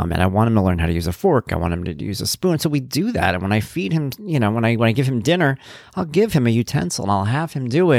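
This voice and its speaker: A man's voice: fairly low pitch, no room sound, clean studio sound. A man talking casually and earnestly as a father about raising his son, in a reflective way. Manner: earnest and reflective, with frequent "you know". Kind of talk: casual personal talk.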